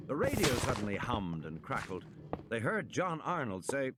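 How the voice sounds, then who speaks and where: A man reading a novel aloud with expressive, dramatic pacing, with loud gunfire behind. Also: medium pitch, normal speed, very noisy. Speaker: audiobook reader.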